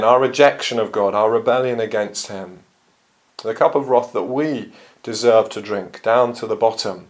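Earnest man preaching a sermon. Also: medium pitch. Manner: measured, earnest preaching with frequent ums and uhs.

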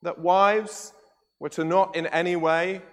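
A man preaching a sermon, retelling the story with animated storytelling and frequent tag questions to the congregation. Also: sits high, a little slow. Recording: echoey church hall with long reverb.

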